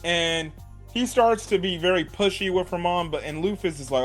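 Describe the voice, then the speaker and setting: A man giving a casual, animated recap of an anime episode, swearing and saying "like" a lot. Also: high-pitched, normal speed, faint music behind. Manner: animated, swears, many "like"s and "right?". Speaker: anime reviewer.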